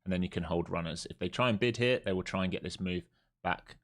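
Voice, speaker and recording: A man with a very deep voice talks through trades live on stream. He is casual and blunt, thinks out loud, repeats key points and swears freely. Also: quick pace. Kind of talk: live market commentary.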